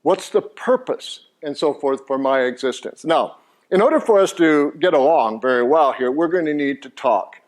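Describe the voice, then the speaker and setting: A man's voice: fairly high pitch, expressive, normal speed. An older man presenting a Christian teaching course to a live church audience, joking and asking the crowd questions as he goes. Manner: jovial, engaging the audience with questions and jokes. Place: church meeting room before an audience.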